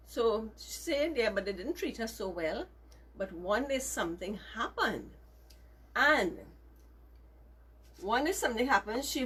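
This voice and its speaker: A woman telling a story to children, gentle and emphatic, with lots of repetition. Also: medium pitch, husky.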